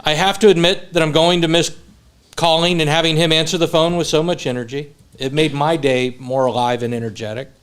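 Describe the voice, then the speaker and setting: A man with a somewhat high, clean, slightly bright voice speaks briskly and with fairly level intonation. He's giving a eulogy at a funeral home, telling amusing stories about his friend before speaking from the heart.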